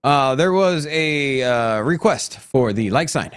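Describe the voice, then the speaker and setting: A man co-hosting a casual crypto livestream, loud and playful, with hype shout-out greetings. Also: medium pitch, lively intonation, takes it slowly, clean tone. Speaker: co-host.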